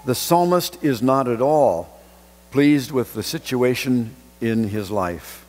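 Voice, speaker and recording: A male pastor delivering a sermon, reading scripture and telling a story, with lively swings in delivery. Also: takes it slowly. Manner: expressive preaching with dramatic pitch swings on quoted lines. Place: church sanctuary. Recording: church sanctuary with long reverb.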